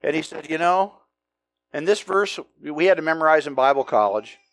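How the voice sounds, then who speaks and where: A middle-aged pastor from the United States preaching a conversational, emphatic sermon full of rhetorical questions. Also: male voice, fairly high pitch, moderate pace, a bit bright, no room sound.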